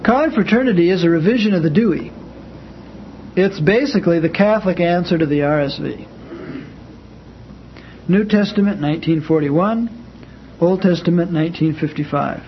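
A man's voice: high voice, normal speed, pauses often, highs cut off, slight background noise. A man teaching an informal class, talking in a conversational way and acting out spoken examples, with frequent fillers.

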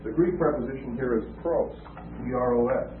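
A man preaching a teaching sermon in an explanatory way, pausing often with "uh" and restarting phrases. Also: medium pitch. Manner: explanatory, with frequent filler "uh" and restarts. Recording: tinny phone-like audio with faint noise.

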